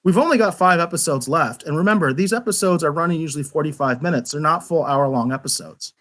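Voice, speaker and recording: A man with a slightly high voice, co-hosting a live review show. He talks in an animated, rambling way, stumbling over restarts as he goes. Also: fast talker. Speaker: podcast co-host. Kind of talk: casual review chat.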